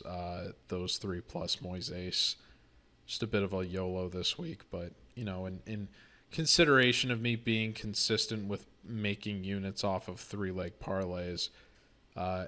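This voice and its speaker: A male podcast host talks through his weekly betting picks in a loose, chatty way. His voice is fairly low but bright and forceful, and he grows excitable and jokey as he goes.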